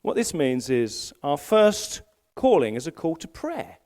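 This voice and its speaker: Animated man preaching a sermon. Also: on the high side, measured pace. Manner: animated storytelling, self-deprecating humor, frequent restarts. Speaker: senior pastor. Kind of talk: live sermon. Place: church service in a school hall.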